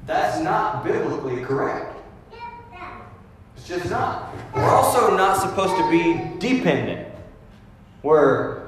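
A man's voice: fairly high pitch, very animated, slow pace, pauses often. A male pastor giving an emphatic, conversational sermon and acting out everyday voices as he makes his points. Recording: very echoey hall with long reverb.

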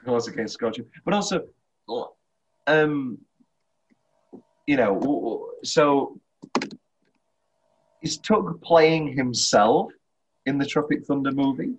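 A man's voice: medium pitch, a little slow, pauses often, dull audio. A man co-hosting a casual film podcast, laughing often and acting out lines from the movie. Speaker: podcast co-host.

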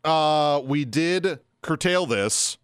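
A man co-hosting a casual wrestling podcast, talking fast and acting out what others said. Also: fairly high pitch, clear, resonant tone, no room sound, studio quality. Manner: animated, acts out quoted lines. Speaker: podcast co-host.

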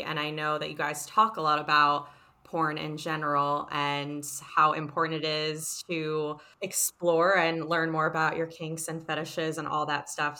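A woman hosting a casual interview, telling stories with lively, laughing energy and asking her guests questions. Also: low voice. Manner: animated, laughing storyteller. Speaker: podcast host interviewing guests.

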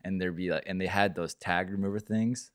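Male podcast host, very low voice, chatty and jokey, dry studio sound. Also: steady tone, dry recording. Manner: joking, chatty, quick to laugh. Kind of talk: casual chat.

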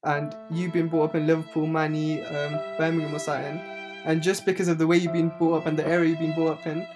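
A man's voice: fairly high pitch, fast talker, over music. A young man, chatting casually and teasing his friends in slang. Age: young adult. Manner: animated, teasing, London slang. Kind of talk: casual chat.

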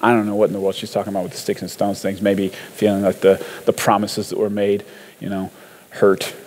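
A man's voice: lowish voice, flat delivery, fairly quick, darkish tone, big-room sound. A man giving a casual, conversational sermon, chatting through song lyrics and scripture with fillers and easy laughs.

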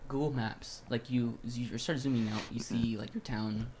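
A man's voice: medium pitch, steady tone, moderate pace, a little mellow, a little hiss or hum. Profane young man telling a wild story. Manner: loose, profane storytelling with lots of "like". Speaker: podcast co-host. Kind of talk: casual storytelling chat.

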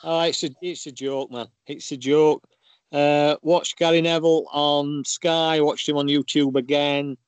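A blunt, indignant man chats as a podcast guest. His voice is smooth and a touch high, and it sounds dry and close with no room around it. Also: steady tone, a little slow, dry recording. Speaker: podcast guest, football fan. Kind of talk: casual podcast discussion.

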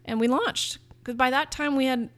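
A woman's voice: high voice, fairly even intonation, normal speed, a bit bright. A woman in her thirties from Northern California, a food business founder talking enthusiastically in a casual interview, with frequent restarts.

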